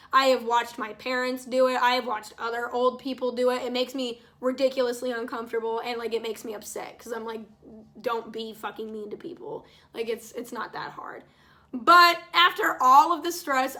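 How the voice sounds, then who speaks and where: A woman's voice: high voice, sharp tone. A young woman vlogger telling a story in casual talk, exasperated and swearing freely, acting out what people said. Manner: exasperated, swears freely, acts out quoted lines. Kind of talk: casual storytime while painting.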